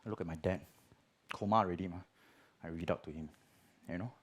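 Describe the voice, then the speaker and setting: A middle-aged Singaporean man with a Singaporean accent, giving a church testimony in chatty Singlish that swings from hushed to loud. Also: low-pitched, fast. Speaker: guest preacher.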